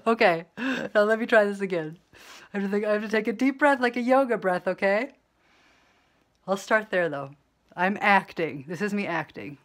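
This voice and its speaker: A woman speaking quietly and calmly in a casual video message to camera. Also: mid-range voice, moderate pace, long pauses. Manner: quiet, soft-spoken, calm. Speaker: digital creator.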